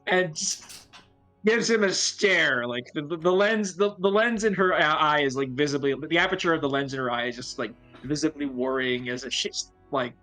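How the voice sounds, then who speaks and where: A woman's voice: sits low, normal speed, a bit bright, faint music behind, rough recording. A woman playing in a tabletop game who describes her character in a rambling, giggly way. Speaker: player.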